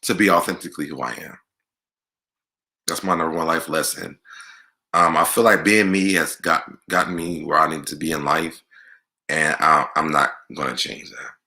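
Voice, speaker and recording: A man's voice: a bass voice, steady tone, moderate pace, sharp tone. A man hosting his own channel, answering viewer questions in a candid, chatty vlog. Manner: candid, chatty, loose delivery. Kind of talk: casual Q&A vlog.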